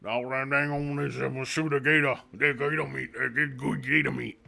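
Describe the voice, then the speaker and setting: A man putting on the voice of a gleeful backwoods gator hunter, drawing out his words slowly. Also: very high-pitched, sing-song, fairly bright tone, pitched above the performer's own voice, full character voice. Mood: relishing.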